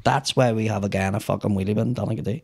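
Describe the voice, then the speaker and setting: A man's voice: lowish voice, fast, creaky, husky. A man with a Belfast accent, a comedian telling stories as a guest on a casual podcast, swearing a lot and acting out the people in them. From Northern Ireland. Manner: animated, heavy swearing, acts out voices in stories.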